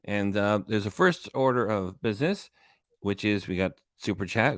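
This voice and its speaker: A man's voice: on the low side, animated, moderate pace, a bit bright, no room sound, studio quality. Rambling man hosting a livestream. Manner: rambling, many uhs and restarts, reading out commenters. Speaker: livestream host. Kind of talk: casual livestream commentary.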